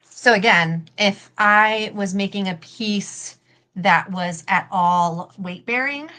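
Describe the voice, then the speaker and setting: Chatty bright-voiced woman streaming. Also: medium pitch, slow pace. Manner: chatty, rambling, swears casually, many fillers. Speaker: cosplay prop maker and live-stream host. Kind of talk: casual live-stream chat while crafting.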